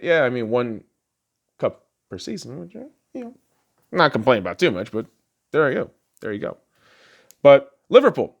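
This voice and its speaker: This podcast host rambles about sports in a loose, profane way and laughs a lot. He moves back and forth between quiet, low mutters and loud, high-pitched excitement.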